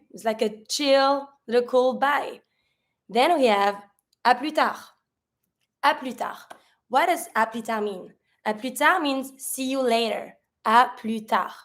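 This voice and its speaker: A woman's voice: high-pitched, fairly bright tone. A woman, a native French speaker, teaching French greetings in a chatty way, asking herself questions and answering them. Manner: sprinkles fillers like "like".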